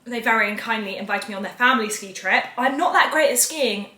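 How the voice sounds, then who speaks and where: A young woman in her twenties talks fast in a fairly high, pushed, bright voice. She's a vlogger chatting upbeat and casual to camera in her home kitchen, where the room echoes and dishes and cutlery clatter in the background.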